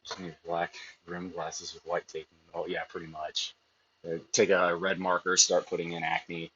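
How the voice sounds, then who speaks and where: Deep-voiced man rambling between gym sets. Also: completely flat delivery, moderate pace, dull audio, noisy background. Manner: rambling, opinionated, swears freely. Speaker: streamer working out. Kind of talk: casual workout chat while lifting.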